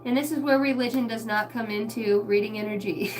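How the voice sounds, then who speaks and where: A woman's voice: a little high, fairly quick. A woman giving a casual tarot reading on a livestream. She talks bluntly and chattily and swears freely. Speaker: tarot card reader.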